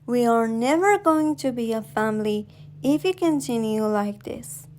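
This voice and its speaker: A pushy, impatient husband who coaxes and insists, as a woman narrator reads his lines. The lines come slowly in a voice that sits a little high, with little change from the storyteller's own. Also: lively intonation, a little mellow, slight background noise. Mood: pleading. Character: pushy grown husband, impatient but coaxing.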